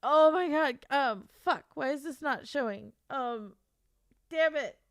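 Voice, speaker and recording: A woman author chatting live on her stream, excitable and swearing freely, repeating herself as she talks to viewers. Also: high voice, takes it slowly, dry recording, clean studio sound. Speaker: livestreamer and author. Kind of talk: casual live stream chat.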